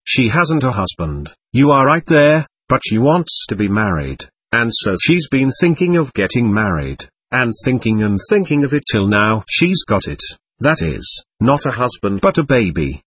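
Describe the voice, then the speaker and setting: A bossy, quick-tempered little girl who presses every point and snaps back, as a man reads her lines. The voice is husky and swings widely in pitch. It sits dry and close, with no room around it. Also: big pitch swings, a bit bright, dry recording. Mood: insistent. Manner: insistent, snappish.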